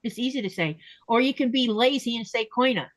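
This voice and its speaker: Chatty woman host, slightly high voice. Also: animated, dry recording. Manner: chatty, explains pronunciation slowly and repeats words. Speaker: podcast host. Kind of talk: casual chat.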